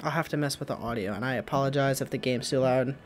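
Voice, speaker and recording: A woman's voice: a bass voice, fast, soft background music. A woman giving casual let's-play commentary, emotional and chatty. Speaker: gamer.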